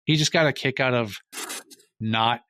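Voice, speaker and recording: A man's voice: medium pitch, a little slow, dry recording. Man telling a story, dry close sound. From Minnesota. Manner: animated retelling, acting out other people's lines. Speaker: podcast co-host. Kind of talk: casual storytelling chat.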